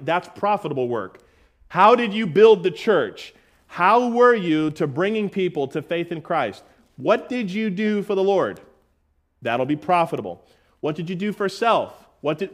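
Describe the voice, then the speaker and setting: A man preaching an expository sermon as pastor, asking the congregation questions and dropping in casual asides. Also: fairly high pitch. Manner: call-and-response questions to the congregation.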